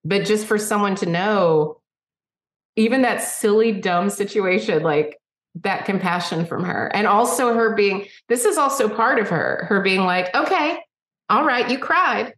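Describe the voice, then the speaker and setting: A woman guest, a singer-songwriter, telling stories in a chatty, animated way and acting out the dialogue. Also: medium pitch, measured pace. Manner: chatty, animated storyteller who acts out dialogue. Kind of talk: casual interview storytelling. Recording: roomy echo.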